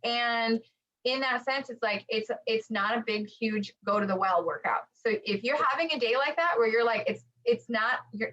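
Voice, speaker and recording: A woman co-hosting a running podcast in casual chat, lively and acting out quotes with lots of fillers. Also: a little high. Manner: animated, acts out quotes, many fillers. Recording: dull lo-fi audio.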